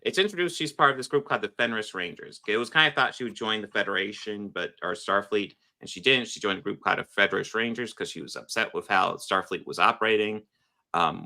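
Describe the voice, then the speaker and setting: Bright-voiced guy rambling on a podcast, swears a lot, laughs easy. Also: lowish voice, gravelly. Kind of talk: casual chat.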